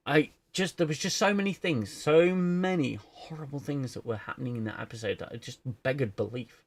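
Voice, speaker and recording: A man's voice: medium pitch, fairly quick, hardly any pauses. A man hosting a casual livestream chat about shows, rambling with laughs and restarts. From United Kingdom. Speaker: show reviewer and host.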